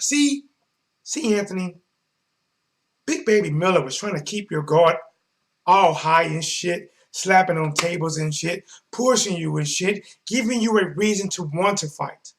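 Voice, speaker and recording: High-voiced male stream host, hyped slangy sports commentary with loud-soft swings. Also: measured pace. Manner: animated, slangy, swings between mumbling and shouting. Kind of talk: casual live-stream commentary.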